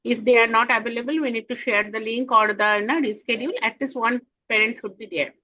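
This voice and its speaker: A woman trainee teacher, asking a hesitant question full of fillers. Her voice is bright and slightly high, and it comes through dull, lo-fi call audio. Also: fairly even intonation, quick pace.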